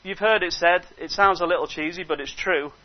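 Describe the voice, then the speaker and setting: This sermon comes from a high-voiced male preacher speaking fairly quickly, alternating whispered asides with rising, emphatic exhortation. He remains animated throughout, and the audio is dull and lo-fi.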